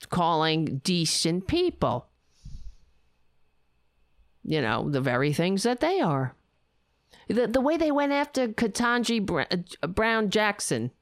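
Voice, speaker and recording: A woman's voice: mid-range voice, very animated, takes it slowly, long pauses, no room sound, studio quality. A middle-aged woman hosting a casual livestream, ranting bluntly and chatting with her viewers and her cats. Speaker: livestream host. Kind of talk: casual political livestream chat.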